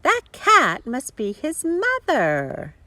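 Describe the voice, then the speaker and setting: A woman voicing a tart, sharp-tongued middle-aged wife in a storybook read-aloud. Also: sits high, wildly swooping pitch, slow pace, no echo, voice pushed up, heavily acted. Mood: fond.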